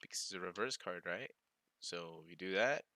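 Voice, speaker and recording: A man's voice: sits low, normal speed, sharp tone, no echo, studio quality. A young man hosting a casual live coding stream, talking to himself as he works, scattered and self-mocking, laughing at his own mistakes.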